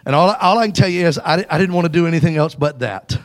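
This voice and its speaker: A man's voice: a little high, fast talker. A man preaching a sermon, telling a story with emphasis and calling on the congregation to answer back. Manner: exhorting the congregation to call back.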